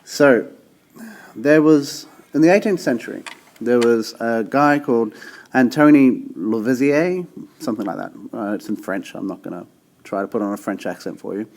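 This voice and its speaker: A male teacher explaining a topic in a relaxed, chatty way, often checking in with the listener and restarting his sentences. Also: medium pitch, moderate pace. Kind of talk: casual classroom explanation.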